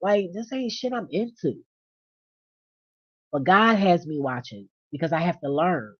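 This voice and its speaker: A woman venting in a casual monologue, blunt and profane, swinging from low mutters to loud rants. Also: lively intonation, unhurried, long pauses, no echo. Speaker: vlogger. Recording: dull lo-fi dry recording.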